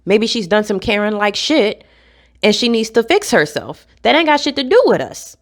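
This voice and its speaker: A woman's voice: mid-range voice, very animated, moderate pace. Blunt, profane woman ranting to camera. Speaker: vlogger.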